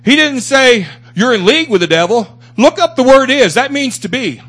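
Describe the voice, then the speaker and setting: Preaching fervently to a small church congregation, this man speaks at an extremely high pitch with lively intonation, a moderate pace, and a fairly bright tone. He repeats himself and builds his phrases upward for emphasis.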